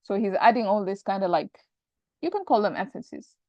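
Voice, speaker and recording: A woman's voice: medium pitch, very animated, brisk, mellow, no echo. Female teacher, patient stepwise explainer of grammar, dull dry recording. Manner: explains step by step, mixing English with Arabic terms, self-correcting. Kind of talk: classroom lesson explaining Arabic grammar.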